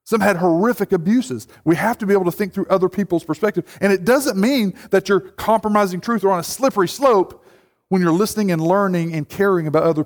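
A man with a high voice preaches to his congregation in a loose, conversational way, slipping into quoted voices along the way. His words ring out with a long reverb from the church hall. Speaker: pastor. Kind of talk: sermon. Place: church sanctuary.

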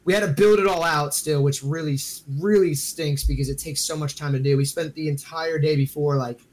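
A man's voice: fairly high pitch, steady tone, fairly quick. A man co-hosting a gaming podcast, chatting casually and saying dude and bro a lot. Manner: laid-back, says dude and bro a lot. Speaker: podcast co-host. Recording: faint background noise.

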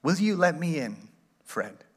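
A man's voice: on the high side, big pitch swings, measured pace, breathy edge, full character voice. A man reading as an old miser. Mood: humbled. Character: old male miser, gruff then humbled.

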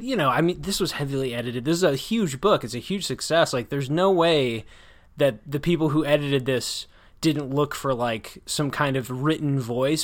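A man hosting a casual book discussion, talking in a critical, rambling way full of restarts and hedges. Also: a little high. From United States. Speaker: podcast host discussing a book.

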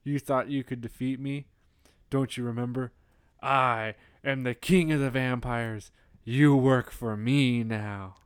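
A man voicing a smug, commanding male vampire king who laughs mockingly and speaks slowly. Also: medium pitch, steady tone, smooth, dry recording, studio quality, lightly acted. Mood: gloating. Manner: slow, mocking evil laugh.

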